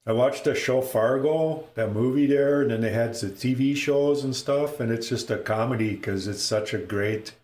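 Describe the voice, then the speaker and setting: A man's voice: mid-range voice, moderate pace, few pauses. Chatty northern Minnesota man streaming. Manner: chatty, excitable play-by-play. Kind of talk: casual live-stream commentary. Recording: echoey room with loud noise.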